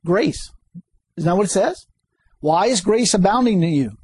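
High, husky preacher man. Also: moderate pace. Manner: animated, chuckling often, repeating key words, rising to high exclamations. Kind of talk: sermon.

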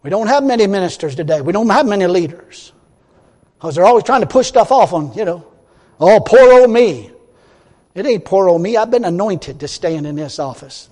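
High-voiced blunt folksy preacher man. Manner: folksy, blunt preaching, swings from quiet asides to loud outbursts. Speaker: pastor. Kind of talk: sermon. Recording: long hall reverb.

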